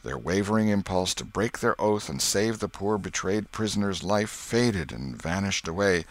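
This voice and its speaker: A man with a very low voice narrates a classic novel, his pitch swinging widely as he dramatizes the scene. The reading is expressive and storybook-like. The recording is dry and close with no room sound. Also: moderate pace, dry recording. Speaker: audiobook narrator.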